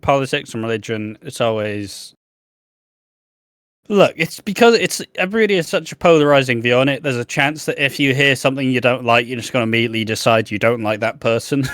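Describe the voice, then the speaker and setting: A man's voice: mid-range voice, lively intonation, a little fast, fairly bright tone, dry recording, studio quality. A man co-hosting a podcast, brash and jokey, swearing freely in casual chat. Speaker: podcast co-host. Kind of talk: casual chat recapping a soap.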